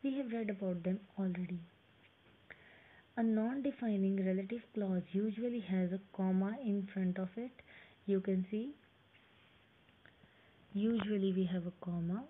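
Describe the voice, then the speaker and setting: A woman with an Indian English accent teaching an English grammar lesson, explaining step by step and reading example sentences aloud slowly. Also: mid-range voice. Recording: tinny phone-like audio with faint hiss.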